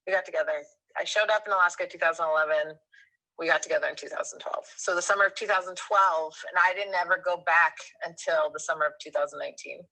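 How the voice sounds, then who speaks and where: A woman in her thirties, a guest telling a personal story in a casual, animated way, rambling with fillers and correcting herself. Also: fairly low pitch, quick pace, poor audio.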